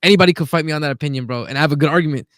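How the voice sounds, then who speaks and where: A man's voice: fairly high pitch, rapid-fire, fairly bright tone, no echo, studio quality. A man co-hosting a casual football chat on a video call, blunt and opinionated. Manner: blunt, opinionated, says "bro" a lot. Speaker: podcast co-host.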